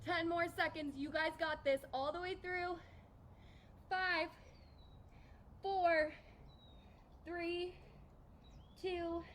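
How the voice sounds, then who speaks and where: Upbeat young woman fitness instructor with a high, bright-pitched voice, a little winded, cheering the class on. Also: slight background noise. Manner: upbeat, encouraging, counts reps aloud. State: out of breath. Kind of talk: live workout coaching.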